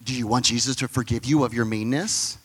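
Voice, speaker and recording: A man preaching in a mid-pitched voice, conversational and direct. He slips into little acted-out exchanges with changed voices to make his point. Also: steady tone, fairly quick, breathy edge, long reverb tail. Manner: conversational, acts out dialogue in different voices. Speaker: pastor. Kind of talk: sermon.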